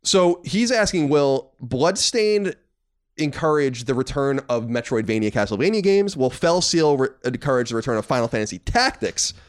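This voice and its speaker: Smooth and mid-range at a moderate pace, this gaming podcast co-host keeps things casual while rundowning the news. He's animated and opinionated, swearing freely.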